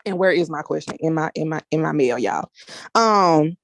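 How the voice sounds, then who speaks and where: A woman's voice: low voice, animated, moderate pace, no echo. Chatty woman telling a story, dry sound. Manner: chatty, addresses listeners as y'all. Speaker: discussion leader. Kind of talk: casual storytelling in a group meeting.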